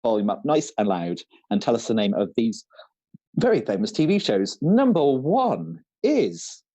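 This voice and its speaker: A man's voice: on the low side, expressive, normal speed, mellow, no room sound. A man co-hosting an online quiz night in a chatty way, with a lot of ums and uhs. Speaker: quiz co-host.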